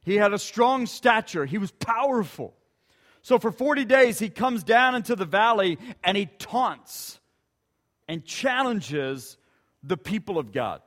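Brief: male pastor, high-pitched, unhurried sermon storyteller. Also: animated, fairly bright tone. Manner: emphatic storytelling with dramatic repetition.

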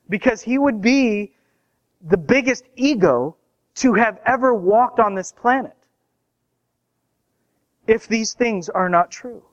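A pastor delivers a sermon in a high, bright-sounding voice, talking it through casually and then pushing up for emphasis. The recording is muffled and lo-fi. He comes across as a plain, engaged preacher. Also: animated, takes it slowly, long pauses. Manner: conversational preaching, rising loud for emphasis.

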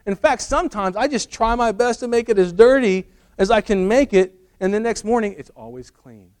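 Exasperated, insistent husband, put on by a male preacher; pitched up and animated. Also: normal speed, smooth.

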